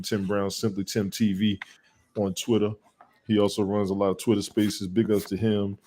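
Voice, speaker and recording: Casting: male show host, lower register, relaxed and slangy, talks over an online call. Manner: laid-back, slangy, repeats words when starting. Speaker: podcast host. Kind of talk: casual sports chat.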